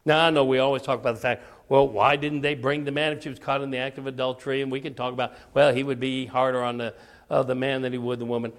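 Gravelly older man preaching a sermon. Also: medium pitch, flat delivery, fast. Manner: earnest, storytelling preacher with rising emphasis.

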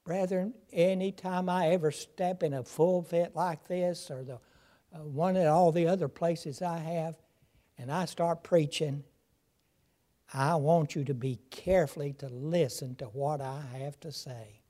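An older man delivers a sermon at a slow, measured pace. He leans hard on key phrases and repeats them for emphasis. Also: fairly high pitch, dark tone. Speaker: preacher.

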